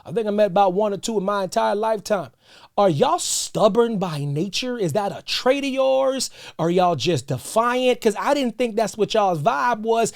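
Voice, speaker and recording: A young man hosting a fan podcast, ranting in an animated, slangy way. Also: high voice, normal speed, gravelly. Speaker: podcast host.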